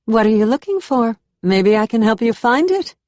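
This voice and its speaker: A woman voicing a friendly, curious young woman housemate whose speech has a South American cadence slowed by a Southern drawl, chatty and helpful. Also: fairly high pitch, sing-song, warm tone, no room sound, clean studio sound, pitched above the performer's own voice. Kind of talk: audiobook character voice.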